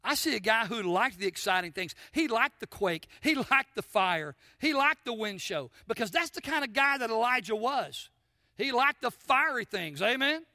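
A man preaching a sermon to a congregation, asking them questions and swinging between forceful emphasis and soft, quiet lines. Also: very high voice, expressive, normal speed, no echo, clean studio sound. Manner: addresses congregation with call-and-response questions. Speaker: pastor. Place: church sanctuary.

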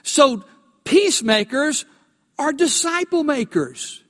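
A man preaching in a church with a very high voice. He asks the congregation questions and builds to emphatic peaks. His words ring out with a long hall reverb. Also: big pitch swings, takes it slowly, fairly bright tone. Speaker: pastor. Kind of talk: sermon. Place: church sanctuary.

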